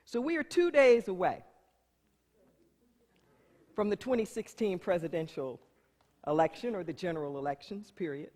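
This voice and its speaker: A middle-aged woman pastor preaching a sermon, repeating her phrases for emphasis and swinging from loud declarations to hushed storytelling. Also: on the low side, lively intonation, normal speed, pauses often, in a large hall.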